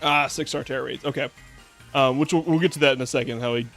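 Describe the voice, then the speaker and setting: A man's voice: medium pitch, fairly even intonation, quick pace, creaky, fairly bright tone, soft background music. A man streaming a game and chatting casually, rambling with lots of fillers and restarts, sarcastic and swearing now and then. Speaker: VTuber streamer. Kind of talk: casual gameplay commentary.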